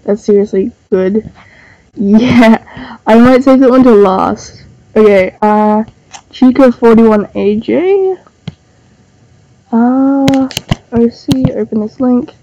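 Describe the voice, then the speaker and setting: A woman's voice: a little high, slow, pauses often, mellow, dull audio, a little hiss or hum. A young woman with a stuffy, nasal voice from a cold, chatting casually on a livestream while drawing. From Australia. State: sick, nasal voice. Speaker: livestreaming artist. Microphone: desk microphone.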